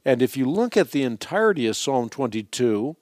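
Measured male radio call-in host. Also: mid-range voice, sing-song, darkish tone, no room sound, clean studio sound. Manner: measured, articulate, lecturing.

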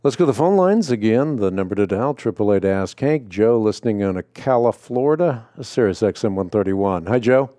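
A man hosting a radio call-in show, speaking in a measured, deliberate way with frequent filler sounds. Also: on the low side, expressive, mellow, dry recording, studio quality.

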